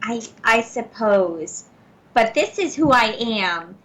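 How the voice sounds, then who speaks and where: A young woman from Virginia co-hosting a call-in radio show. She has a soft, breathy voice and a chatty, self-deprecating manner. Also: fairly high pitch, expressive, slow pace. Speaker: radio co-host. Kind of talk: casual radio chat. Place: radio studio.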